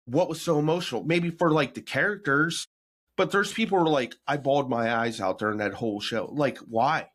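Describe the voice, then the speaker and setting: A man co-hosting a podcast in casual chat, talking bluntly with mocking, animated rants. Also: medium pitch, normal speed. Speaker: podcast co-host.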